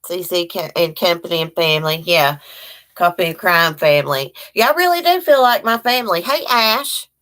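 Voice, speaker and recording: Lady from virginia, low voice, rambling live chat, greets everyone by name. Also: expressive, normal speed. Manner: chatty, greets viewers by name, warm and rambling. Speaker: livestream host. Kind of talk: casual live-chat morning talk.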